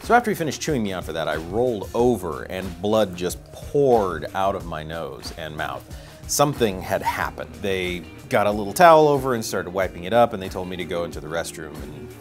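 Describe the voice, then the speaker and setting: A man's voice: deep voice, big pitch swings, a little fast, faint music behind. A man telling a personal anecdote to camera in a wry, self-deprecating way. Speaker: storyteller.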